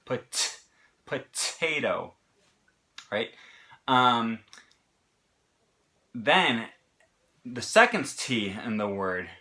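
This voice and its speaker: A man's voice: mid-range voice, sing-song, very slow, long pauses, pushed and bright. A man with an American accent explaining pronunciation in a casual lesson, talking in short bursts with fillers and restarts. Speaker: language teacher.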